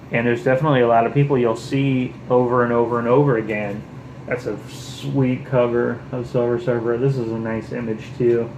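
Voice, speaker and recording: A man's voice: mid-range voice, reverberant, a little hiss or hum, rough recording. Rambling enthusiastic man showing comics. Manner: enthusiastic, rambling with many fillers. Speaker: book vlogger. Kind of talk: casual show-and-tell chat.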